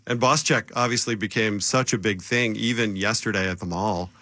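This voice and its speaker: Male program director, low bright voice, earnest on-air thanks. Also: a little fast. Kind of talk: casual on-air chat. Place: radio studio.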